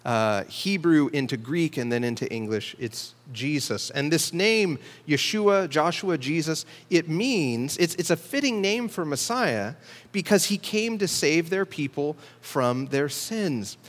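Male pastor, fairly high voice, measured teaching delivery, church sanctuary with long reverb. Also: lively intonation. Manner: measured teaching, slows to stress key words. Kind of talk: sermon.

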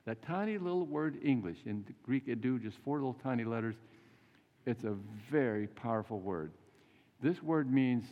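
An older man preaching a folksy, animated sermon in a church. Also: mid-range voice, moderate pace. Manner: folksy, animated storytelling with acted quotes. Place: church sanctuary. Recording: muffled church recording with long reverb.

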